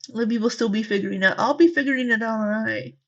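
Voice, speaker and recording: A woman's voice: on the high side, quick pace, fairly bright tone, dull audio. A woman hosting a live reaction stream, chatting casually and teasing her viewers, with the odd swear word. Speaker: livestream reaction host.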